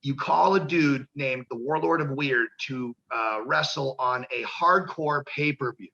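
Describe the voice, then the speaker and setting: A man's voice: mid-range voice, a little slow, gravelly, sharp tone, dull audio. A man, a pro wrestler, telling rambling, profane stories in a casual interview and acting out the voices of people he quotes.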